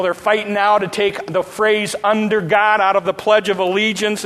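High-voiced pastor preaching in a hall. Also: male voice, fairly bright tone. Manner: preaching with slow emphatic quotes and fast asides. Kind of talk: sermon. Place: church sanctuary.

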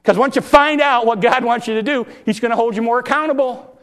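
High-pitched preacher man. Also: brisk, fairly bright tone. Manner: impassioned, pitch rising when exhorting; acts out Bible dialogue in folksy speech. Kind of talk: sermon.

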